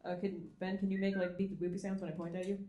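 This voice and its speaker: A woman's voice: fairly low pitch, flat delivery, quick pace, dark tone. A woman on a panel, telling a story with animation and frequent giggles, recorded live in a roomy space. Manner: giggly, breaks into laughter. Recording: roomy live room sound.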